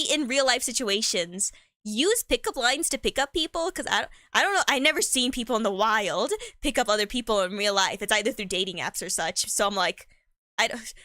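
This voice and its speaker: Young woman streamer giggling n rambling thru improv chat, kinda high pitched, bright. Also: dry recording, clean studio sound. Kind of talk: improvised role-play chat.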